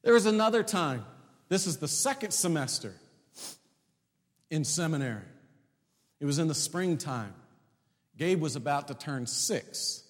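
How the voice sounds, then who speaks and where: A man preaching a sermon as a story, acting out conversations and building to loud shouts. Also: a little high, a little slow, pauses often. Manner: animated, acts out dialogue, builds to shouts. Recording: long hall reverb.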